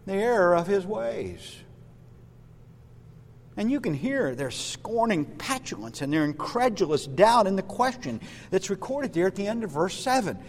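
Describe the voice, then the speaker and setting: A male pastor preaches in a lively storytelling manner, speaking straight to his congregation. His voice is high for a man and moves a lot in pitch, and a long reverb hangs in the church around him. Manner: storytelling, lively, addresses listeners directly. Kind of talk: sermon.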